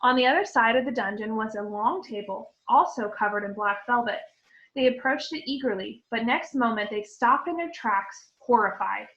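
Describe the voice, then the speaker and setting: A woman teacher reading a storybook aloud to children, expressive and clear. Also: fairly high pitch, normal speed, dull audio.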